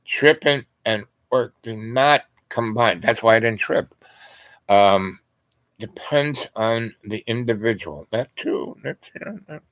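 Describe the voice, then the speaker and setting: A man's voice: on the low side, slow, a bit bright, no room sound, rough recording. A man telling a long story in a casual, rambling way, full of asides and fillers.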